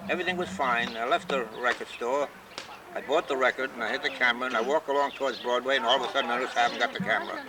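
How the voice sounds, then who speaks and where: A man's voice: mid-range voice, rapid-fire, a crowd in the background. An older man in a backyard, teasing his wife and rambling through an anecdote on a home video. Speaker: husband and storyteller. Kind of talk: casual home video chat. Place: backyard outdoors. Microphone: home video camera.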